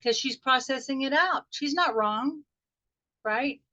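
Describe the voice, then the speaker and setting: A woman coach with a slightly high voice leads a group session over a video call. She guides a meditation slowly and softly, then teaches in a lively, conversational way. The call audio is dull and lo-fi. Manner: soft, unhurried guiding voice that turns chatty and animated when explaining. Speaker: life coach.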